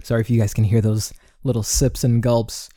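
A man's voice: medium pitch, little pitch movement, brisk, warm tone, no room sound, clean studio sound. A man in his twenties hosting a casual solo podcast, rambling and swearing freely, with Spanish words dropped into his talk. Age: 20s. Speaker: podcast host. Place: indoor home recording setup.

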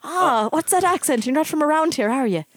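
A woman's voice: high-pitched, lively intonation, a little fast, dry recording, pitched above the performer's own voice. A woman improvising a crude, swearing Irish wife who bickers with her husband in a put-on Irish accent. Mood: brash bickering. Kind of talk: improv comedy role-play.

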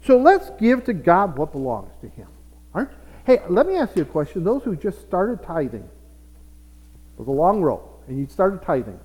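A man's voice: high voice, wildly swooping pitch, normal speed, darkish tone, slightly rough. Earnest preacher man in an echoing hall. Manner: earnest, repeats himself, acts out what believers say. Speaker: pastor. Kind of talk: sermon. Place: church sanctuary. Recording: long echo of a church hall.

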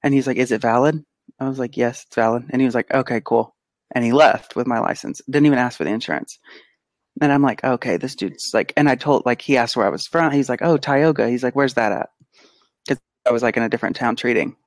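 A man co-hosting a podcast, telling an animated, casual story and acting out the quotes. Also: mid-range voice, fast, dry recording. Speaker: podcast co-host; pediatric physical therapist. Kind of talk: casual chat.

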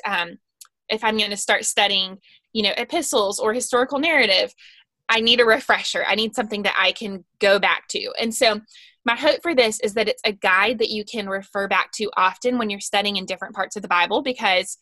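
A woman speaks as a podcast guest, earnest and talkative, with lots of casual fillers. Her voice is bright and forward. The sound is close and dry, with no room around it. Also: medium pitch, normal speed, no room sound. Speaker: guest author of a Bible study guide.

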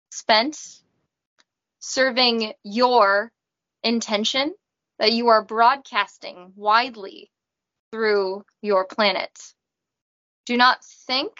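A woman voicing a calm, detached female spirit guide she channels, speaking in a flat, robotic monotone. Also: fairly high pitch, lo-fi sound.

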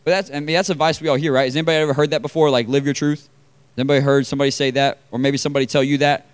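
A man's voice: mid-range voice, fairly even intonation, rapid-fire, clean tone. A young man preaching a casual, conversational sermon to a room of about forty people, with lots of fillers and questions put to the crowd.

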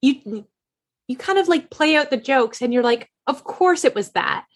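A woman's voice: sits high, animated, moderate pace. A young woman co-hosting a casual podcast, gushing about favorite scenes and quoting lines. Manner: enthusiastic, gushing, quotes scenes. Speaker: podcast co-host. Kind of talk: casual chat.

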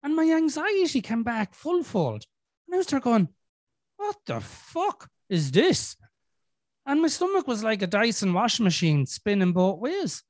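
A man's voice: very high voice, sing-song, moderate pace, dry recording, studio quality. A middle-aged Irish man hosting a podcast, telling a story in casual chat, swearing a lot and acting out his inner voices. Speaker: podcast host.

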